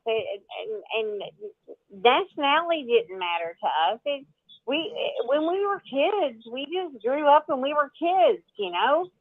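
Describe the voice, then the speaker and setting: A woman's voice: sits high, no echo. A woman speaking earnestly in a casual group chat, often restarting her sentences. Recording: tinny phone line.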